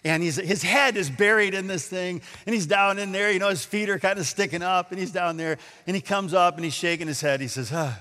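A man delivers a sermon in a bright, ringing voice, slipping into character for the people in his story. His delivery swings between hushed asides and loud exclamations. The sound carries a long echo from a big church hall. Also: high-pitched, brisk, few pauses. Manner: animated storytelling, acts out quotes, laughs at himself. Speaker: preacher. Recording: echoey hall.

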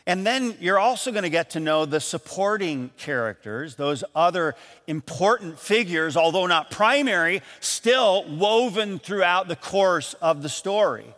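A man preaching a sermon to a congregation, animated and acting out short exchanges in a raised voice. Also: a little slow. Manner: animated, acts out little dialogues in a higher voice. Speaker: pastor. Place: large church auditorium. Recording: long hall reverb.

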